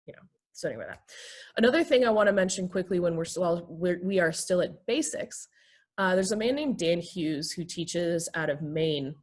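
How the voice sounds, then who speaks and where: A woman therapist and pastor teaching basic communication skills in a relaxed talk, acting out short everyday examples. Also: on the low side, normal speed. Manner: explains with acted everyday examples.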